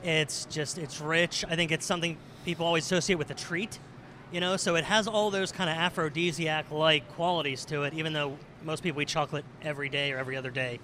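A man's voice: fairly high pitch, fairly even intonation, quick pace, bright, forceful tone, a little hiss or hum. A man, a chef, talking casually on a podcast in a grocery store, hesitant and repeating words.

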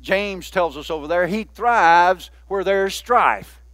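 A man's voice: high voice, animated, slow, fairly bright tone, no echo. A man, a pastor, preaching a sermon in a folksy, conversational way with many asides to the church.

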